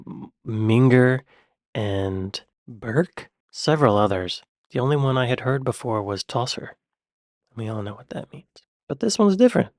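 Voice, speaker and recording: American man, reaction host, relaxed musing commentary, dry close recording. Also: fairly low pitch, no room sound. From United States. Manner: curious, thinking aloud, amused.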